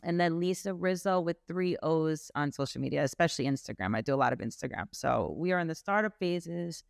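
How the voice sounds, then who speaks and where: Woman, podcast guest, candid, animated, gravelly, smooth, dry sound. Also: low-pitched, fairly quick, no room sound. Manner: lively, candid, animated storytelling, laughs. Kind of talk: casual interview chat.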